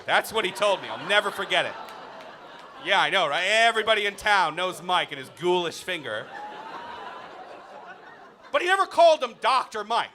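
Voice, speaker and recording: A male stand-up comedian working a club crowd, his voice high and bright with wide swoops in pitch. He swings into mock outrage and quick crowd work. Audience laughter rises faintly behind him. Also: big pitch swings, slight background noise.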